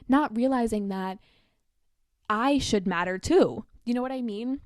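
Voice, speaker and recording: A woman's voice: a little high, unhurried, a little mellow, dry recording, studio quality. A young woman in her twenties hosting a podcast, telling a story in a chatty, casual way with lots of filler words. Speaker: podcast host.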